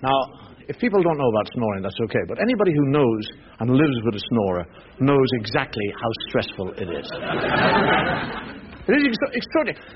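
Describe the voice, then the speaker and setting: An older man doing stand-up storytelling, acting out his parents' voices in animated, exasperated rants. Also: mid-range voice, fairly quick, a crowd in the background. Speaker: stand-up comedian. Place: theatre stage with audience. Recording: dull lo-fi live recording with loud audience.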